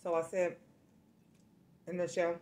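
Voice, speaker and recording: A woman food vlogger with a fairly low voice, chatting straight to her viewers. She tells stories in an animated, familiar way, like she's catching up with friends. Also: a little slow, a little hiss or hum. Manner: chatty, addresses viewers directly, animated storytelling. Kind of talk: casual eating vlog with storytime.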